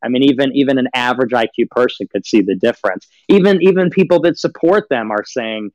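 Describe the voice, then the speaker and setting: A man's voice: mid-range voice, animated, fast talker, darkish tone, dry recording, highs cut off. A man in casual livestream chat, mocking and rambling with lots of fillers and frequent laughs. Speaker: livestream guest.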